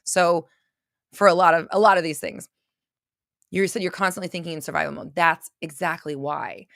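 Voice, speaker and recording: A woman's voice: fairly low pitch, steady tone, normal speed, gravelly, fairly bright tone, no echo, studio quality. Blunt, intense woman livestream host. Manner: blunt, intense, repeats phrases for emphasis. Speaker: livestream host answering viewer questions. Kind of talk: unscripted livestream talk.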